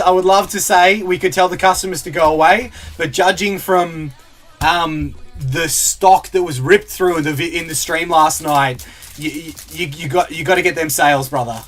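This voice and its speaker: Man, high voice, casual live-stream chat, reads viewer comments, laughs often, faint background music. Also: a bit bright. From Australia. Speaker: streamer opening card packs.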